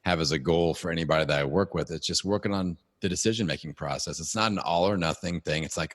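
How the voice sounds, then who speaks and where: A man's voice: low voice, fast talker, few pauses. A man hosting a podcast who works as a coach, talking in an encouraging, thoughtful way. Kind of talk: casual podcast interview.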